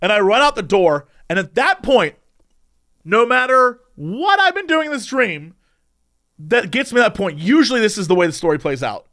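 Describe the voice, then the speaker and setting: A man in casual conversation, recounting a strange recurring dream with lively delivery and frequent laughs. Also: sits high, normal speed. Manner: animated, acts out quoted voices, laughs often. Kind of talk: casual storytelling chat.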